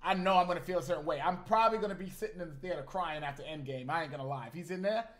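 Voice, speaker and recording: A man in his thirties chatting casually on a live stream, animated and slangy, talking straight to his chat. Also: a little high, rapid-fire.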